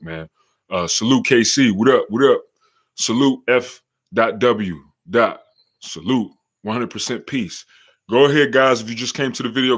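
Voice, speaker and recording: A young man with a slight New York accent, hosting a casual live-stream podcast, slangy and hyped, shouting out viewers in the chat. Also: on the low side. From Charlotte, North Carolina. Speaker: podcast host.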